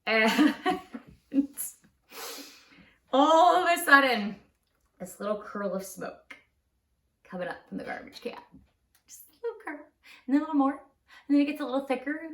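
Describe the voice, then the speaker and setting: Woman, casual storytime, chatty, laughs often, bright voice, echoey room. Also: fairly high pitch, distant mic. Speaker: craft channel host. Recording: roomy echo.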